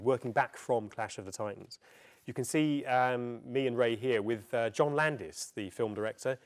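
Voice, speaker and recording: A middle-aged man giving a public talk at a festival, chatty and anecdotal, with frequent ums as he tells stories. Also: medium pitch. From England. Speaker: presenter. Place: festival venue before an audience.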